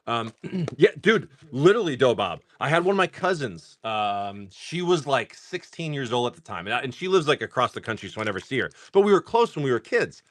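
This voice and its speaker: Lively, rambling man in his forties. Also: medium pitch, brisk. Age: 40s. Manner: rambling, profane storyteller; frequent throat clearing and filler words. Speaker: live-stream card seller. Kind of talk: casual live-stream chat while opening card packs.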